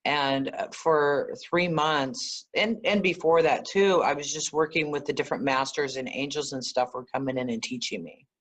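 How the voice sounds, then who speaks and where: A woman guest, an energy healer, telling stories in a conversational interview, animated and often laughing. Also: sits low, normal speed, few pauses. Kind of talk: conversational storytelling.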